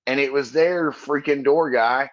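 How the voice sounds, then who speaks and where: A man's voice: medium pitch, unhurried, highs cut off. Earnest, profane man telling stories. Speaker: comedian guest. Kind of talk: casual podcast storytelling. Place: Texas.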